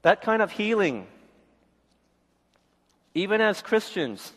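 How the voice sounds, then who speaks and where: A man's voice: high voice, big pitch swings, slow, a bit bright, big-room sound. A middle-aged male pastor giving a sermon with a candid personal testimony, acting out the voices of people he quotes. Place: church.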